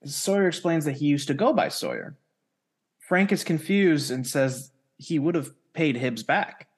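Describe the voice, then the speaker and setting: A man's voice: fairly high pitch, lively intonation, measured pace, slightly rough. Man recapping a plot on a podcast. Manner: plain storytelling, recapping the plot step by step. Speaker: podcast co-host. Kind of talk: casual chat recapping a TV episode.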